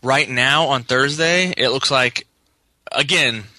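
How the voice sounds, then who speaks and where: A man's voice: medium pitch, takes it slowly, bright, forceful tone, no room sound. A man co-hosting a casual podcast, sounding sleepy and rambling through plans with many fillers and restarts. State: yawning, sleepy. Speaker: podcast co-host.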